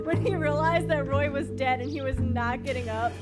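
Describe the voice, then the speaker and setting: A woman's voice: sits high, a little slow. A woman streamer playing a detective game live, chatting with her viewers. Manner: chatty, talking to chat. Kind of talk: live gameplay commentary. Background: game music.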